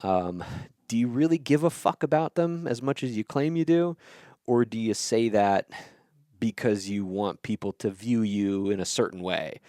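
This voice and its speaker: Podcast guy, lowish voice, blunt and sweary, keeps saying okay? right?, dry close sound. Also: darkish tone, no echo. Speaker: podcast host. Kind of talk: casual explanatory monologue.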